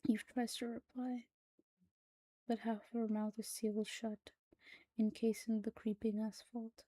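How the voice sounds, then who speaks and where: A woman reads a horror story aloud in a hushed, soft-spoken voice that slips into whispers. Her delivery is flat and even, with a dark, mellow tone. The recording is dry and close. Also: on the high side, a little slow, dry recording, poor audio. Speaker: narrator. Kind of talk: scripted horror story reading.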